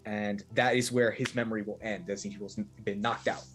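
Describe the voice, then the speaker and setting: A man playing a tabletop game, narrating events in a halting way with fillers. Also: fairly low pitch, flat delivery, soft background music. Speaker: player.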